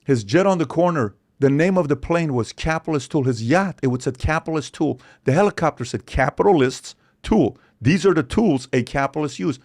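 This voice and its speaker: A man from Iran, a podcast guest in casual conversation, talking in an animated, emphatic way. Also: a little high, a little fast, hardly any pauses. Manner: animated, emphatic, acts out other people's voices.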